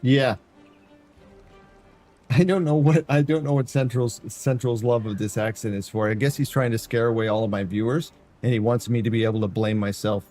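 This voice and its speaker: A man's voice: medium pitch, steady tone, moderate pace, a little mellow, faint music behind. A man streaming a building game, chatting casually and talking to viewers by name as he plays. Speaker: variety streamer. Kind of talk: casual gameplay commentary.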